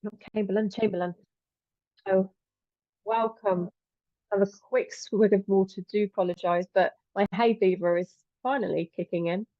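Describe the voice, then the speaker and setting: A woman's voice: mid-range voice, fairly even intonation, normal speed, no room sound, muffled recording. A middle-aged woman hosting a live stream, chatting affectionately as she greets viewers and calls them "my lovely". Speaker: host and angel teacher.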